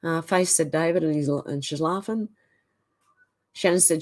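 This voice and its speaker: A woman's voice: fairly low pitch, normal speed. Australian woman chatting on a livestream. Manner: reads viewer comments aloud and chats back casually. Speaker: livestream host. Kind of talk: casual livestream chat.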